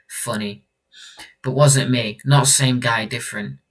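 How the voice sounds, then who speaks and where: A man's voice: medium pitch, fairly even intonation, slow, far from the mic, natural voice. A man reading out a terse masked male vigilante who talks in clipped, broken sentences with dropped words. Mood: flat.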